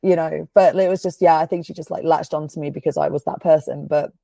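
A woman's voice: sits low, steady tone, quick pace, vocal fry, mellow, no room sound. A woman hosting a podcast, chatting casually and telling a story with lots of fillers and swearing. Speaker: podcast host. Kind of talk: casual chat.

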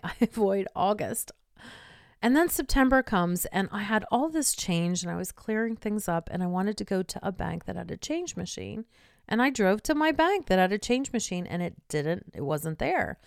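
With a lowish, creaky voice, an older woman hosting her podcast recounts a personal story emotionally, whispering when it turns tender. It's a dry, studio-quality recording.

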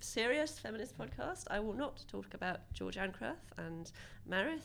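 A woman speaking as an author on a live panel, wry and lively, often restarting her sentences. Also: fairly high pitch, normal speed, gravelly, slight background noise.

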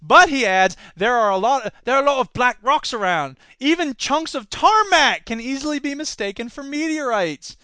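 Brief: high, bright male podcast host, jokey and rambling, dry close mic. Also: animated, moderate pace, few pauses, no room sound. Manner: jokey, rambling, slips into silly voices. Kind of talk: comedic news commentary.

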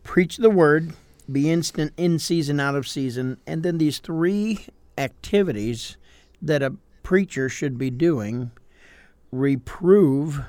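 Brief: older male pastor co-host, higher-pitched voice, dry close sound, acts out quotes. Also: slow pace, no echo. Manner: explains with acted-out quotes, animated. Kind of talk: casual podcast chat.

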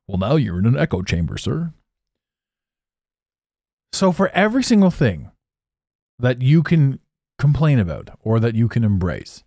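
A man's voice: medium pitch, darkish tone, no room sound, studio quality. A man hosting a solo podcast, rambling casually, swearing now and then and laughing at his own jokes. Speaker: podcast host.

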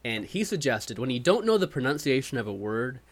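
A man in casual podcast conversation, his voice at an ordinary middle pitch. He talks thoughtfully and circles back to correct himself, then reads a quote in a steady voice. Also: brisk. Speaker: podcast co-host. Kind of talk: casual chat.

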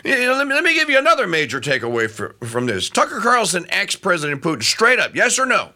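A middle-aged man delivers talk radio commentary in a bright, ringing voice that sits somewhat high for a man. His pitch swings widely as he rambles on, restarting his sentences again and again. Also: fast. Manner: animated, rambling with frequent restarts. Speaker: radio show host.

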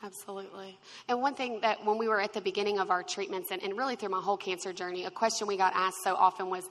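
A woman telling a personal story in a conversational, lively way. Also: medium pitch, quick pace, few pauses. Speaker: speaker sharing her story. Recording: long reverb.

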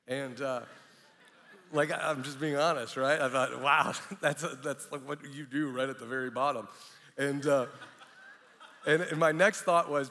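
A middle-aged man, a pastor, preaching with candid, animated storytelling and frequent restarts. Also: mid-range voice, moderate pace. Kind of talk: sermon with personal testimony. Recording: long reverb of a large hall.

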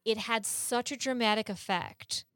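A woman co-hosting a podcast speaks a little slowly in a fairly high, slightly bright voice, earnestly explaining things in a casual chat. She laughs often and swears offhandedly now and then, and the recording is dry and studio-clean.

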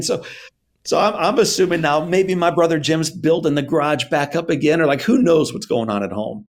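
A man being interviewed, telling a personal story in an earnest, animated way and acting out his parents' words. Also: on the high side, moderate pace, vocal fry. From United States. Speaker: guest.

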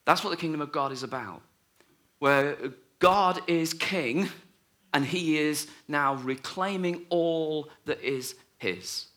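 A man preaching a sermon, telling a story and acting out the voices in it, often dropping to a hush. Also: on the high side, slow.

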